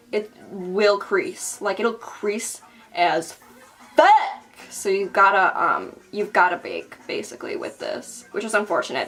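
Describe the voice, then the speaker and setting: A woman's voice: medium pitch, fairly bright tone. A young woman talks her way through a makeup tutorial at home, loose and rambling, dropping swear words and jokes at her own expense. Her voice sits mid-range and her delivery has the unscripted feel of a casual bedroom vlog. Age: young adult. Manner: rambling, profane, self-mocking. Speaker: beauty vlogger.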